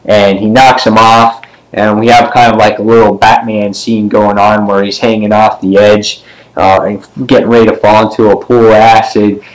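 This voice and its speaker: A man giving a casual comic book review, retelling the story in a rambling way with many fillers and sometimes jumping up in pitch to act out a character's line. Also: little pitch movement, normal speed, poor audio. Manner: briefly acts out characters' lines with pitch jumps.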